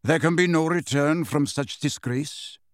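A man voicing a calm, stern male centaur elder who speaks smoothly and in measured tones. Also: on the high side, no room sound, studio quality, lightly acted.

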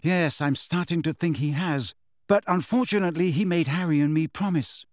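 A man doing a brisk bookish schoolgirl. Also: on the high side, no room sound, clean studio sound, pitched above the performer's own voice, close to an everyday voice. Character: teenage schoolgirl, earnest, exasperated, bookish.

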